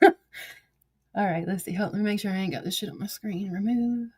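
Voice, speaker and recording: A woman hosting a casual livestream, chatty and profane, quick to get heated. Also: medium pitch, a little mellow, slightly rough. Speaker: livestream host.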